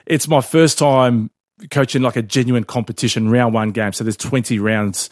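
A man co-hosting a casual sports chat, telling stories in a chatty, animated way. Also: mid-range voice, normal speed, no echo, studio quality. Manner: chatty, animated storyteller, laughs often. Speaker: podcast co-host.

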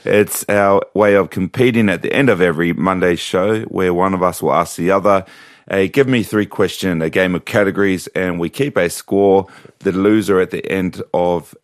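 A man's voice: deep voice, steady tone, normal speed, dry recording, clean studio sound. A man co-hosting a casual sports podcast, friendly and competitive in banter. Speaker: podcast co-host.

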